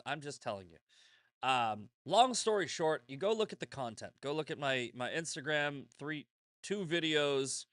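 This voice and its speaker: A man's voice: medium pitch, fairly bright tone, no echo. A man hosting his own show, talking in a blunt, rambling, profane monologue full of restarts. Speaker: show host. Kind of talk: casual monologue.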